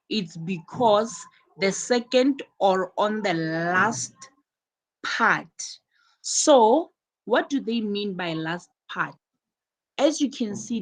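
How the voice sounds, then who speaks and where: A woman teaches students an English pronunciation lesson, patiently repeating and stressing key words while she explains. Her voice is medium-pitched, and the audio is poor.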